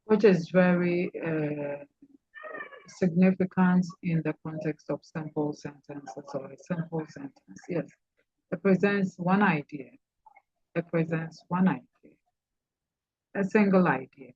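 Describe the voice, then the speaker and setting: Slow, deliberate woman lecturer. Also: on the low side, a little mellow, breathy edge, no room sound, muffled recording. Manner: repeats key points, calls on students. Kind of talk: online class discussion.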